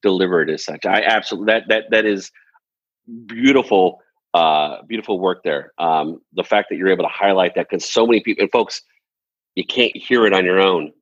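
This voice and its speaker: This is a man with a very low, husky voice who hosts an interview in an earnest, stop-and-start way. The sound is dull and dry, like a lo-fi recording. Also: a little fast, no room sound. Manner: earnest, many restarts. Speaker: podcast host. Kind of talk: casual interview.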